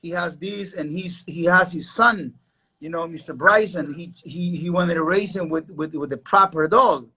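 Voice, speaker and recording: High, husky-voiced man hosting a live stream. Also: moderate pace. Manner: emphatic, animated storyteller. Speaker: host and dog breeder.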